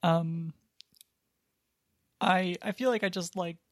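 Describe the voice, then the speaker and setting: A podcast co-host chatting casually in a rambling, hedging way, with a dry, deadpan humor. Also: medium pitch, takes it slowly, no echo. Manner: rambling, hedging, filler-heavy. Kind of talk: casual chat.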